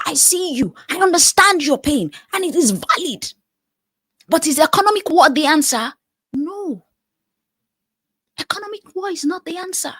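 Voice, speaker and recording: A woman's voice: high-pitched, a bit bright, no echo. A woman from Nigeria hosting a live stream, speaking earnestly and repeating phrases for emphasis as she answers viewer comments. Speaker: live-stream host, life coach.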